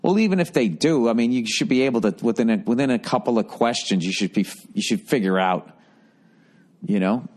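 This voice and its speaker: A man's voice: medium pitch, expressive, brisk, a little mellow. A man hosting a podcast, reading listener letters and answering with a blunt, profane, sarcastic comedic rant.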